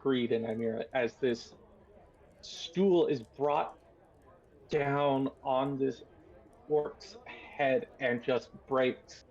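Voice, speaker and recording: Gravelly husky guy gm'ing a tabletop game, takes his time, kinda muffled lo-fi mic. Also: medium pitch, steady tone, a little mellow. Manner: unhurried, descriptive, many fillers. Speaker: game master.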